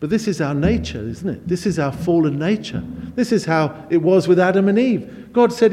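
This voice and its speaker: A man preaching a sermon, emphatic, with his voice swelling louder and higher on key phrases. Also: lively intonation, moderate pace, hardly any pauses. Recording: long hall reverb.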